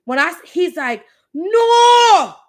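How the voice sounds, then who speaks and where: A woman's voice: fairly high pitch, a little slow, a bit bright. Chatty New woman hosting a live Q&A. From the Bronx, New York City. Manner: chatty, candid, tells anecdotes with emphatic repeats. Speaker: host. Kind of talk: live Q&A chat with storytelling.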